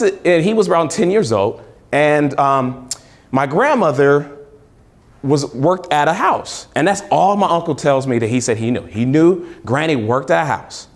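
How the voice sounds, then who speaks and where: Teacher from New Mexico delivering a keynote, a man with a slightly higher voice and animated, storytelling delivery. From New Mexico, USA. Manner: storytelling, repeats phrases for emphasis. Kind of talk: keynote speech. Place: event hall with an audience.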